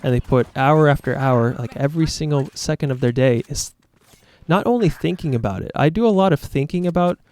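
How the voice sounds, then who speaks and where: A man's voice: fairly high pitch, fairly quick, darkish tone, no room sound. A man talking to his viewers as a YouTuber in a casual, reflective monologue, earnest, rambling and self-critical.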